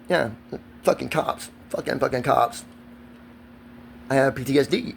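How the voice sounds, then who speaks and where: A man's voice: medium pitch, normal speed, creaky, long pauses, slight background noise. A man, ranting in a profane, agitated and rambling vlog monologue recorded outdoors. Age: 40s.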